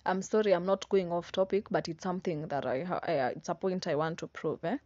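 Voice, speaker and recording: A woman's voice: fairly low pitch, fairly quick, a little mellow, no room sound. A young woman in her twenties with a Kenyan accent, giving a casual motivational monologue, emphatic and repetitive, with slang and tag questions. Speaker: vlogger. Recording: dry, slightly dull sound.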